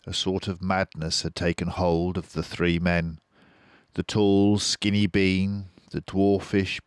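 An older British man reading a children's book aloud in a slow, expressive storytelling manner. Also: sits low, dry recording, clean studio sound.

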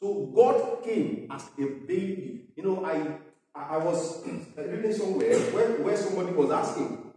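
A man's voice: sits high, unhurried, dark tone. A man preaching a sermon as pastor, talking conversationally with fillers and asides. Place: parish church. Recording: echoey church hall from far off.

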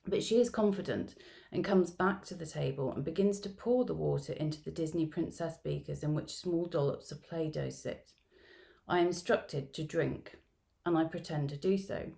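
A middle-aged woman researcher reading a field-note narrative aloud at an academic symposium, in a measured, reflective storytelling manner. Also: deep voice, creaky, mellow. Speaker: education researcher presenting at a symposium.

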